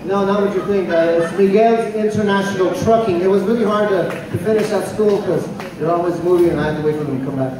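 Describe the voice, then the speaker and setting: A man doing stand-up in front of a live audience, teasing and chatting with the crowd in a loud, playful way. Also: sits high, fast talker, few pauses, distant mic, background noise. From El Paso, Texas. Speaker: stand-up comedian. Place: comedy show stage with a live audience. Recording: echoey live venue, mic from afar. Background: audience laughter and chatter.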